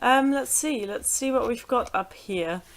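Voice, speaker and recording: A woman's voice: fairly high pitch, a little slow. A woman co-hosting a casual chat, thinking aloud in an easygoing, chatty way as she builds a card deck.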